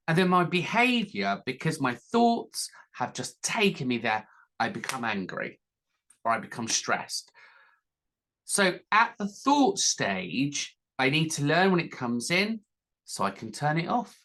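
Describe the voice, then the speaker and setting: A man's voice: on the high side, sing-song, takes it slowly, sharp tone. A man talking through mental health tips in an informal teaching style, acting out his own inner self-talk as examples.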